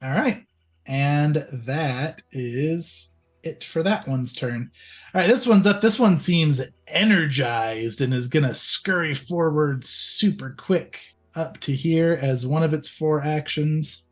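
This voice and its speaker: A man's voice: a little high, takes it slowly, soft background music. Laid-back male game master. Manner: easygoing, laughs at his own slips. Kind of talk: running a tabletop game.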